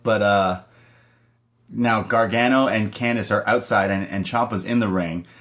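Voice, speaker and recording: A man co-hosts a podcast, recapping the week's wrestling in a loose, rambling way that is full of restarts and filler. His voice sits a little low. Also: fairly even intonation, a little slow, fairly bright tone. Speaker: podcast co-host. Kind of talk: casual wrestling recap chat.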